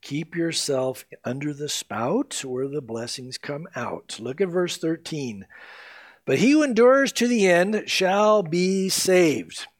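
A male pastor delivers his sermon in a voice pitched a little higher than most men's. He talks plainly and conversationally, mixing scripture with everyday stories. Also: lively intonation, slow. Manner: conversational preaching with anecdotes and scripture readings.

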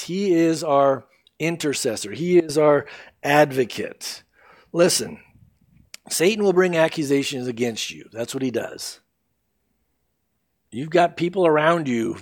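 A male pastor preaching a sermon in a conversational, animated way, with casual asides to the congregation. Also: a little high.

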